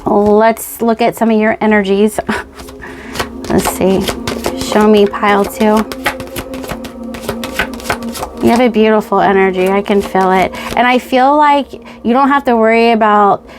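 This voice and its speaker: A woman giving a pick-a-card tarot reading, gushing and excitable, speaking straight to the viewer and checking in with "okay?" and "right?". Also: medium pitch, a little slow, long pauses, background noise. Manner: says "okay?" and "right?" often. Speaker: tarot reader.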